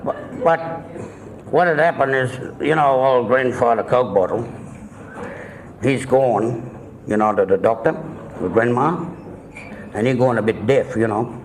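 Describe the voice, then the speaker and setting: A man spins off-colour yarns in a loose, meandering way, swearing freely. His voice is mid-pitched and easygoing, with a faint hiss behind him. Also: a little slow, pauses often, rough recording. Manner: rambling, swearing, folksy. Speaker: joke teller. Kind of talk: casual storytelling of crude jokes. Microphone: filmed by a camera operator.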